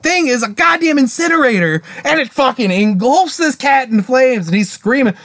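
A man's voice: extremely high pitch, expressive, moderate pace, a bit bright, no echo. A young man co-hosting a podcast at home, rambling and swearing as he retells a show and acts out the scenes in voices. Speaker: podcast co-host. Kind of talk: casual chat.

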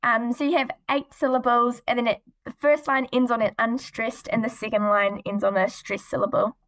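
A teenage girl with a fairly high voice talks about her writing as a podcast guest. She sounds polite and earnest and giggles now and then. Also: little pitch movement, moderate pace, fairly bright tone. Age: teens. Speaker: guest, young poet. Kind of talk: casual interview chat.

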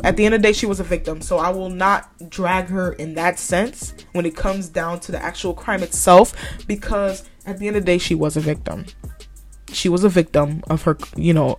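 A podcast host, a woman, delivering a blunt, heated commentary rant, swearing constantly and scolding with repeated points. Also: medium pitch.

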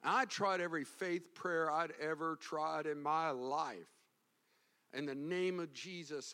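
Impassioned male pastor preaching a sermon. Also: on the high side. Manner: storytelling, building to loud impassioned preaching.

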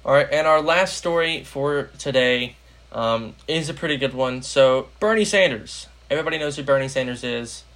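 A man's voice: mid-range voice, normal speed, a bit bright. A young American man hosting a casual political podcast, rambling with lots of fillers. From United States. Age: young adult. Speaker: podcast host.

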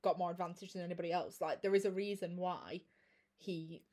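A woman chatting casually about a film, recapping scenes with quick restarts and asides. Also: lowish voice, fairly even intonation, mellow. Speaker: film discussion co-host. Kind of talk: casual chat.

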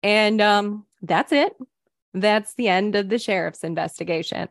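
A woman co-hosting a true crime podcast, unhurried and wry, dropping dry asides into the story. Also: mid-range voice, gravelly, dry recording. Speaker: podcast co-host. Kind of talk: casual true crime chat.

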